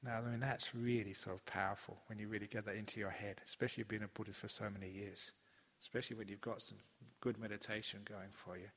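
An older man giving a Buddhist dharma talk at a retreat, telling stories in an animated, playful way with laughs and asides. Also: lowish voice, fast talker, slightly rough. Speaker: Buddhist monk teaching a retreat. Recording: long hall reverb.

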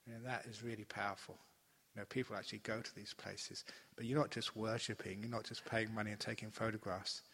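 An older man giving a Buddhist dharma talk at a retreat, telling stories in an animated, playful way with laughs and asides. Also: fairly low pitch, fairly quick, husky. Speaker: Buddhist monk teaching a retreat. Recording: long hall reverb.

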